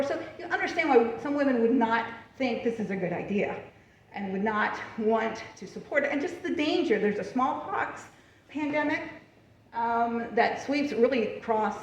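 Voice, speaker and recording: Woman giving a lively talk in a roomy hall. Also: fairly high pitch, slight background noise. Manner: lively, chatty, laughs often, asks the audience "right?". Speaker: history lecturer. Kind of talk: public library talk with slides. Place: library event room. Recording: far from the mic, roomy and dull.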